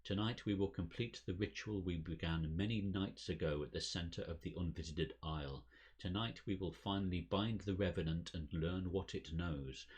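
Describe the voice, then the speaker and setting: A man's voice: low voice, slightly rough. A man voicing an elderly cult leader's solemn speech. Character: elderly male cult leader addressing his lodge.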